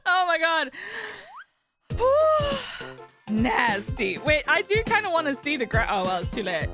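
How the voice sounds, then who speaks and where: A woman's voice: high-pitched, huge pitch swings, a little slow. A woman streaming a game, breaking into breathless laughing fits as she comments. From United Kingdom. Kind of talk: casual gameplay commentary. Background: game music.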